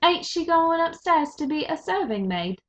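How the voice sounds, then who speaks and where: A woman reading aloud voices a rough, simple young serving girl who talks high, loud and shrill, with a rustic way of speaking. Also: very animated, normal speed. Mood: whiny. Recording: dull lo-fi recording.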